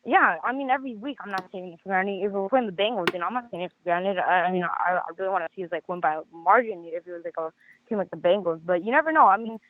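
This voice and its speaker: Hoarse, fast-talking caller on a phone line. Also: male voice, high-pitched. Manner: rambling, with many stammered restarts. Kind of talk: casual sports call-in chat.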